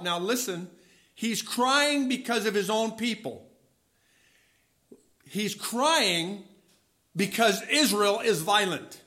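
Emphatic high-voiced male preacher. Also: expressive, takes it slowly, long pauses, pushed and bright. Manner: emphatic, questioning, drops low on key words; reads scripture aloud with rising voice. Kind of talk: sermon.

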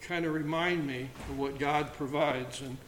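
A man leading an informal Bible study, reading scripture aloud between halting comments. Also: on the high side, fairly even intonation, a bit bright. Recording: roomy echo, faint background noise.

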